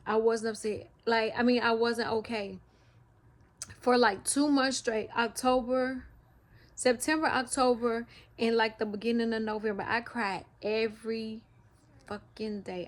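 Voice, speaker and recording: Woman vlogging slow and halting, higher voice, emotional, keeps restarting, talks about faith. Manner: faith-filled, speaks of God. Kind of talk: personal reflective vlog.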